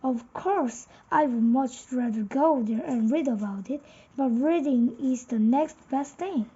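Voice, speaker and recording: A woman with a Korean accent reading the lines of a dreamy man who is fond of polar tales, in a halting way, with a husky voice. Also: high voice, mellow, lo-fi sound, full character voice.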